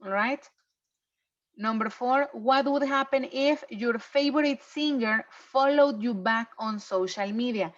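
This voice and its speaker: Brief: woman English teacher, higher voice, patient "okay?" check-ins, muffled online class audio. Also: measured pace. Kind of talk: online class review lesson. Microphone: video call.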